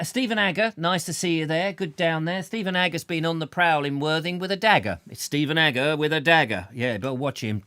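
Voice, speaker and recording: A man's voice: fairly high pitch, a bit bright, no room sound, studio quality. A man hosting a live chat show, greeting viewers by name in a rambling, jokey way full of silly asides. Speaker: show host.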